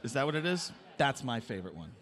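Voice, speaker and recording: Man, mid-pitched panelist, live hall reverb, rambling jokey delivery. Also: sing-song, quick pace, fairly bright tone. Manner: rambling, jokey, interrupts others. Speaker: band member on a live panel. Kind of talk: live onstage banter. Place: arts venue stage.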